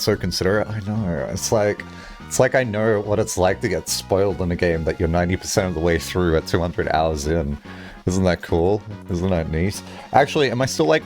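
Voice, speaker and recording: A man livestreaming, chatting casually with his viewers in a lively, rambling way, swearing freely and filling his talk with "like". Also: deep voice. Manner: animated, chatty, swears casually, many "like" fillers. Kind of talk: casual livestream chat, answering chat.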